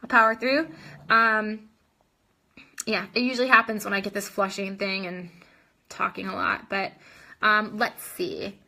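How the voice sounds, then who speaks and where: Bright-voiced woman chatting on a livestream. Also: mid-range voice, fairly even intonation, unhurried, gravelly, long pauses. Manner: chatty, many ums and restarts. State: short of breath. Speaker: host of a live video chat. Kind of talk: casual live-stream chat answering comments.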